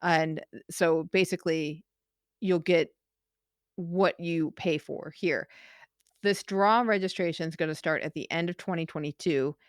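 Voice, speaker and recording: A woman co-hosting a podcast, reading out news updates in a careful, measured way and laughing easily between items. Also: low voice, no echo, clean studio sound. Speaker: podcast co-host. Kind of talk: casual news chat.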